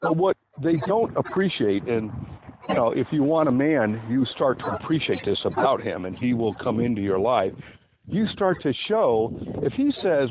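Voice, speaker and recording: Reading aloud from the dating-advice book he wrote, a man explains it in a digressive, talkative style packed with side comments. His mid-range voice rises and falls dramatically, and his pace is moderate. The recording sounds tinny, like a phone, with a faint hiss underneath.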